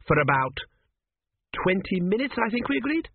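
A man voicing a fussy, slow-witted sphinx that grumbles and gets flustered, reading a comic storybook. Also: high voice, big pitch swings, noisy background, pitched above the performer's own voice. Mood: doubtful. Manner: grumbling, doubtful, easily flustered. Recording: tinny phone-like audio.

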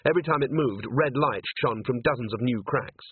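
A man narrating an audiobook in a lively, expressive manner. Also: medium pitch, brisk, breathy edge, dry recording. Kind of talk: audiobook reading. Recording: tinny phone-like sound, dry.

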